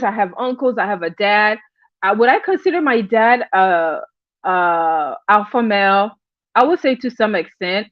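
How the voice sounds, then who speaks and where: A woman's voice: on the high side, no room sound, muffled recording. A woman hosting a casual livestream, chatting with viewers, greeting them by name and often repeating her phrases. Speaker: livestream host.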